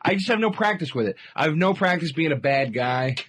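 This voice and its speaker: A man's voice: on the high side, animated, a little fast, a bit bright, slight background noise. A man co-hosting a comedy podcast, talking in a wry, defensive, profane way. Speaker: podcast co-host. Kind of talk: casual comedic banter.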